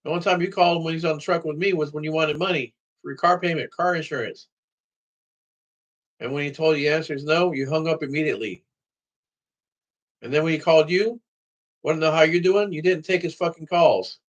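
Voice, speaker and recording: A man's voice: fairly high pitch, a little fast, long pauses, highs cut off. A man talking straight to the camera in a casual vlog, rambling and swearing freely. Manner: profane, rambling talk to camera. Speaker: vlogger.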